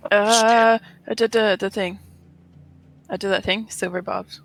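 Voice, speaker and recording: A woman's voice: mid-range voice, fairly even intonation, unhurried, no room sound. An Australian woman playing a tabletop game, hesitant and talking her numbers through aloud. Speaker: player.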